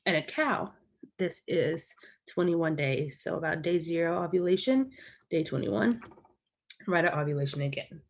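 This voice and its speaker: A woman's voice: on the low side, normal speed, vocal fry. A woman explaining a topic as a college lecturer in a recorded lecture, walking through slides and recapping key points.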